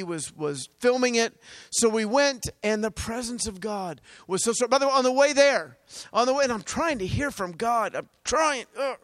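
A man preaching a testimony sermon, telling stories with energy, laughing often and swinging from loud bursts to hushed asides. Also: high voice, no room sound. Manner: energetic storytelling with frequent laughs.

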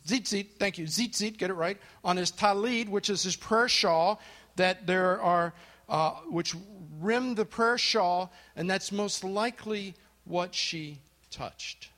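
A man's voice: high-pitched, takes it slowly. A man teaching an interactive Bible study to a live group, telling the story and asking his listeners questions. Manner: asks the group questions and thanks responders; storytelling, drops to a hush for dramatic moments.

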